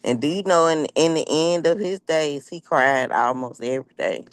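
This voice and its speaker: A guest in casual chat, telling stories in a lively, colloquial way. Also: medium pitch, normal speed, no room sound.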